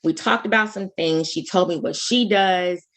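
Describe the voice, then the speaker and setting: A woman co-hosting a podcast, chatting casually and telling stories animatedly, with sudden jumps in pitch and frequent restarts. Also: fairly bright tone. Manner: talks fast, full of restarts. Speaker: podcast co-host. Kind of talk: casual chat.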